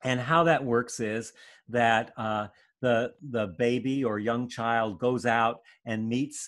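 A man giving a gentle, searching spiritual talk, with soft hesitations as he thinks. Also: lowish voice. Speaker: spiritual teacher.

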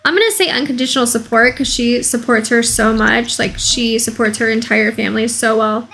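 A woman's voice: on the high side, fairly quick, vocal fry, fairly bright tone, rough recording. A woman hosting a casual let's play video, commentating in a bubbly, gushing way.

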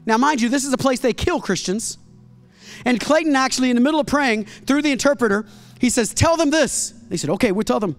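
Pastor, very high-pitched man, dramatic storytelling sermon. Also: lively intonation, a little fast, faint music behind. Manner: dramatic storytelling, acts out quoted dialogue, builds to loud climaxes.

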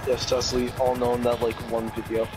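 A young man, slightly hoarse, rambling casually with lots of fillers while playing a game. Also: medium pitch, completely flat delivery, fairly quick. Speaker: gamer. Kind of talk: casual chat over gameplay. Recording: game gunfire and engine noise behind.

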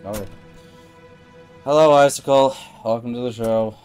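A man's voice: mid-range voice, steady tone, moderate pace, a little mellow, smooth, soft background music. A man hosting a game livestream, chatting casually with wry, laid-back commentary. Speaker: livestream host. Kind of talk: casual gaming stream chat.

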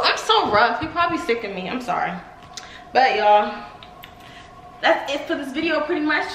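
Chatty young woman vlogging at home, really animated high voice, kinda roomy echo. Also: moderate pace, slight background noise. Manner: chatty and excitable, addresses viewers as y'all. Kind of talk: casual vlog chat. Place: at home with her dog.

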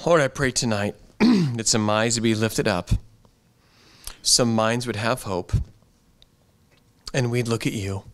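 Speaking in an ordinary middle pitch, a pastor preaches a sermon in church with earnest, conversational delivery. He takes his time, pausing often, and keeps circling back to the same phrases.

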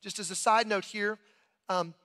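A man's voice: high-pitched, fairly even intonation, normal speed, pushed and bright, long reverb tail. A male pastor preaching an Easter sermon in a conversational, storytelling way, often restarting his phrases. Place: large church auditorium.

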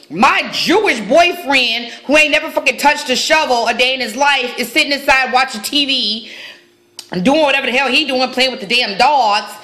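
A woman vlogger telling a profane comic story straight to her phone camera on a tripod, brash and animated. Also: high-pitched. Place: at home, indoors.

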